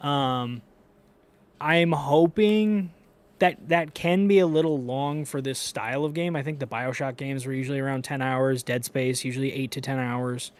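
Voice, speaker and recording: A man co-hosting a casual gaming podcast, talking in an animated, profane, ranting way. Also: mid-range voice, moderate pace. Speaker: podcast co-host.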